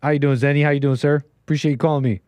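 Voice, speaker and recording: A man's voice: fairly high pitch, steady tone, racing, warm tone, smooth, no room sound. A man from Canada hosting a call-in show, chatting casually with a caller and laughing often. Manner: laughs often, easygoing banter. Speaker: radio show host.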